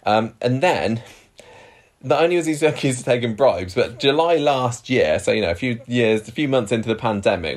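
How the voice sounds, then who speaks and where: A man co-hosting a podcast, retelling a news story in a rambling, self-interrupting way and laughing easily. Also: on the low side. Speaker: podcast co-host.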